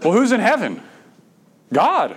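A man's voice: high voice, huge pitch swings, measured pace. A middle-aged man, preaching a sermon in a conversational way, with stammered restarts and bursts of emphasis. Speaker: pastor.

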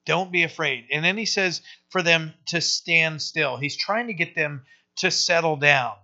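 A man's voice: on the high side, measured pace, bright, forceful tone. A man preaching a conversational sermon to his church and often asking "right?" to his listeners. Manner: rhetorical questions, asks "right?" often. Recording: dull lo-fi sermon recording.

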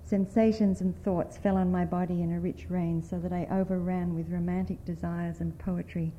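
A woman writer from the United States, reading a story aloud at a panel in a measured, expressive way. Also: on the low side, lo-fi sound, slight background noise.

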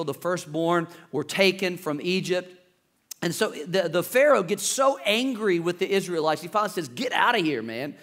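Male pastor preaching, high voice, dramatic and animated delivery. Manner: preaching with dramatic shifts, acting out panicked voices. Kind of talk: sermon.

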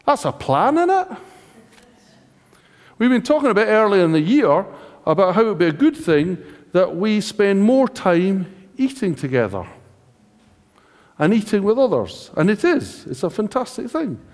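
In a church hall with reverb, a British man preaches at a moderate pace, leaving long pauses, his high, slightly mellow voice swinging widely in pitch. The sermon is chatty and humorous, and he often asks the congregation questions.

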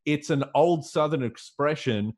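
A man's voice: on the high side, unhurried, a little mellow. A man co-hosting a podcast, chatting casually with jokes and laughing asides. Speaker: podcast co-host. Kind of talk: casual chat.

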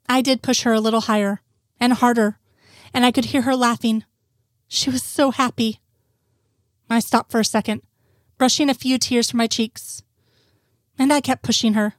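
Woman, fan fiction narration, slightly high voice, steady soft reading, dry close sound. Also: normal speed, pauses often, dry recording. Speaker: audiobook narrator.

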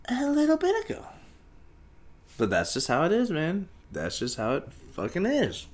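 A young man hosting a solo podcast, rambling and swearing casually, talking in circles and breaking into loud shouts. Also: fairly high pitch, huge pitch swings, normal speed. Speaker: podcast host.

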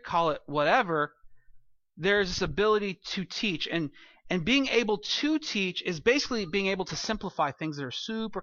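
Bright-voiced casual young pastor, lo-fi. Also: male voice, high-pitched, dry recording. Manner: casual and self-deprecating, many restarts and "like" fillers. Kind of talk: conversational sermon.

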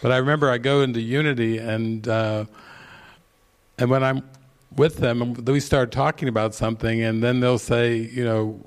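A man's voice: mid-range voice, fairly even intonation, normal speed. A man speaking as a spiritual teacher at a retreat, telling stories, asking pointed questions and chuckling at his own points. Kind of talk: retreat talk.

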